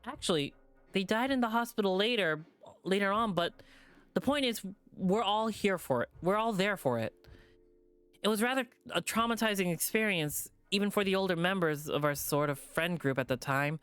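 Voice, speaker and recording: A streamer voicing a calm, plain-spoken young woman in a visual novel, speaking in a flat, even tone. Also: mid-range voice, moderate pace, clean tone, dry recording, voice pushed up, lightly acted. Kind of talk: visual novel read-aloud.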